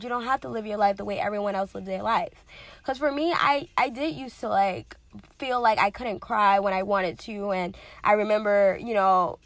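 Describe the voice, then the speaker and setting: Earnest woman with gravelly fry. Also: mid-range voice, fairly bright tone, no room sound. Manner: earnest, conversational, frequent fillers and repetition. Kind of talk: casual motivational talk.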